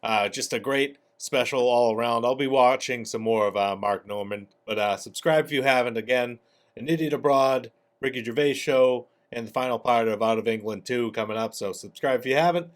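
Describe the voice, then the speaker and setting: A man with an ordinary mid-range voice, summing up a video in an easygoing, casual way. He talks loosely and pauses on frequent "uh"s. It sounds like an everyday online host addressing his viewers. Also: medium pitch. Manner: relaxed, frequent "uh" fillers. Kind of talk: casual wrap-up commentary.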